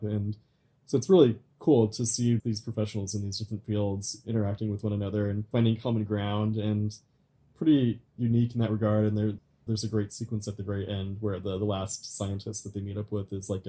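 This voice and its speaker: A man co-hosting a casual podcast, talking through films he saw in a relaxed, halting way. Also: on the low side. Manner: relaxed, halting with restarts and fillers. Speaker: podcast co-host. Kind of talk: casual film review chat.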